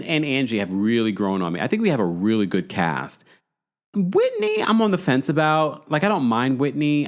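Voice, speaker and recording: Animated gossipy man recapping a show. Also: medium pitch. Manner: animated, gossipy, acts out quotes. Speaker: podcast host. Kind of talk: casual recap chat.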